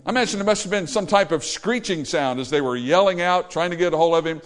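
Male preacher, slightly high voice, sermon delivery that swings between loud and hushed. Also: lively intonation, fast talker. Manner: dynamic, swinging from loud exclamations to low quiet lines.

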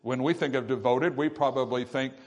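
A man's voice: medium pitch, fairly quick. Preacher guy, mid voice, asks the church questions and repeats himself a lot. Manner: teaching with rhetorical questions and repetition. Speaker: pastor. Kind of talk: sermon.

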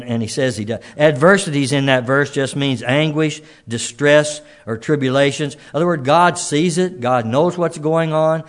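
Male preacher, folksy conversational sermon, homely restarts and quiet asides. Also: mid-range voice.

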